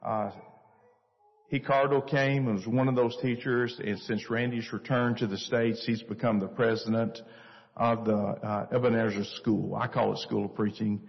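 An older man, a missionary speaker, telling a church story earnestly with many pauses. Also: medium pitch, flat delivery, gravelly. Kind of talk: church talk. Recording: echoey church hall, dull lo-fi sound.

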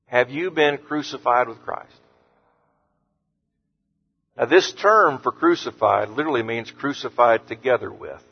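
A man preaching an earnest sermon as pastor, lifting his voice on scripture quotes and dropping low and soft on words of comfort. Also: unhurried, pauses often, slightly rough. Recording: muffled sound with long hall reverb.

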